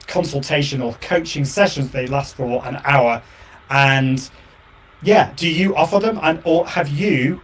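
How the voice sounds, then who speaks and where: A man's voice: on the high side, slightly rough. A man hosting his own live show and podcast, talking casually and enthusiastically to his viewers, with frequent repeats and fillers. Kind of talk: solo casual chat to viewers.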